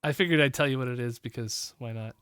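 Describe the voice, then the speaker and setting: A man running a tabletop fantasy game as game master, relaxed and quick to laugh, with plenty of fillers. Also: medium pitch, smooth.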